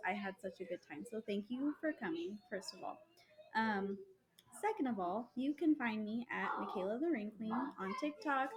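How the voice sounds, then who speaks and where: A woman chatting excitedly on a podcast, laughing often as she thanks guests and plugs her pages. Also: a little high. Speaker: podcast guest and episode organizer. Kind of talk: casual chat.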